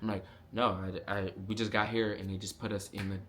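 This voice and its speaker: Young man telling an animated storytime. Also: fairly low pitch, a little fast, a little hiss or hum. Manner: animated, profane, lots of slang and fillers. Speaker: vlogger. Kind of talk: casual storytime.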